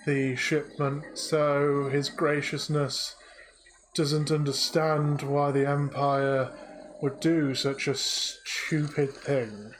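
A man's voice: a little high, little pitch movement, takes it slowly, a little hiss or hum. A man doing a weary, sarcastic translator droid. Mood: exasperated. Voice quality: put-upon, exasperated sighing.

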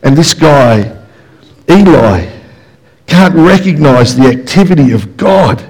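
A man's voice: on the high side, expressive, slow, a little mellow, breathy edge, low-quality recording. A man preaching a passionate, emphatic sermon in church, full of rhetorical questions. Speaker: pastor. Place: church service, also streamed.

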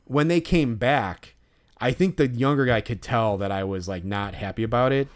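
A man's voice: mid-range voice, moderate pace. A young man and podcast co-host telling a long, profane, ranting story in casual chat.

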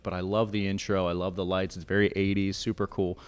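Rambling middle-aged man, low voice. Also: fairly even intonation, fast, hardly any pauses, darkish tone. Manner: rambling, nostalgic, self-mocking. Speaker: podcast host. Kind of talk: casual chat.

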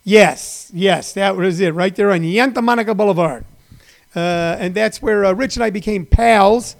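A man's voice: high voice, moderate pace, vocal fry. A man in his sixties, a comedian hosting his own daily online show, rambling and repeating himself with lots of fillers, in a folksy, encouraging way. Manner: rambling and repetitive, with many fillers. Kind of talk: rambling livestream monologue.

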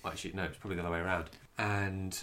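Low dude, chatty and giggly, playing along in an improv comedy podcast. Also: male voice, level tone, sharp tone, a little hiss or hum. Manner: chatty, quick to laugh, playing along with mock seriousness. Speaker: co-host playing the hero of the scenario.

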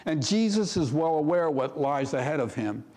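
A man preaching a sermon as pastor, reading scripture aloud with rising emphasis and dropping to a hush for key points. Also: fairly high pitch, animated, moderate pace, long reverb tail.

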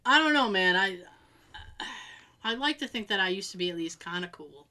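Woman, middle-aged, podcast co-host, casual chat, profane storyteller, bright tone. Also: mid-range voice, animated, moderate pace. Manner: profane, storytelling, imitates family in quotes.

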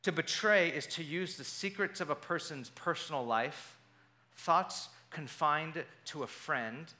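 A pastor with a fairly high, unhurried voice preaches a sermon, retelling a scripture passage through animated storytelling and briefly voicing the people in it.

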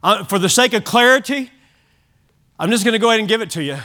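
A man's voice: sits high, expressive, fast talker, bright, forceful tone. A man preaching a sermon at a church service, emphatic and repeating key phrases for weight.

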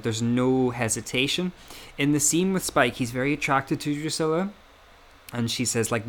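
A man's voice: medium pitch, unhurried, slight background noise. A man co-hosting a podcast, working through his points in casual analytical chat with many restarts. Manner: talks in repeated restarts. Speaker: podcast co-host.

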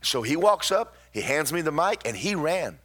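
In a church sermon with background noise, a preacher with a slightly high voice animatedly shares personal stories. He erupts into sudden loud outbursts and stretches words out slowly to stress them.

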